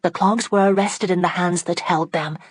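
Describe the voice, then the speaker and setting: A woman narrating an audiobook in a steady, dramatic storytelling manner on a close microphone. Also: lowish voice, normal speed, slightly rough, no room sound. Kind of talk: scripted narration.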